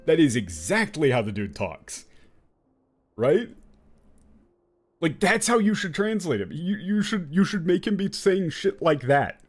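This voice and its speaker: A man's voice: a little high, measured pace, pauses often, slightly rough, soft background music. A man commentating casually while playing a game, rambling with fillers and swearing. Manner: animated, profane, rambling with many fillers. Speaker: gaming streamer.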